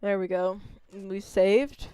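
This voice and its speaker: A woman's voice: mid-range voice, fairly even intonation, slow pace, mellow, smooth, dry recording. A young woman streaming a video game and chatting in a rambling, self-amused way into a close desk microphone. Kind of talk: casual gameplay commentary.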